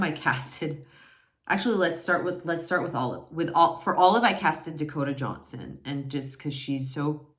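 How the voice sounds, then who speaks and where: A woman's voice: a bass voice, a bit bright. A woman in her forties chatting casually about romance novels, rambling with many fillers and self-corrections. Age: 40s. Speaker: book reviewer. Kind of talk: casual book review chat. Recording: echoey room.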